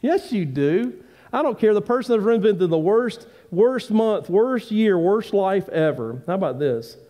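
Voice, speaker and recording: Male pastor preaching a sunday sermon, kinda high voice but mellow, earnest, gets pleading then drops quiet. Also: lively intonation, normal speed. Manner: earnest preaching with rising emphatic pleas and quieter asides. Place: church sanctuary.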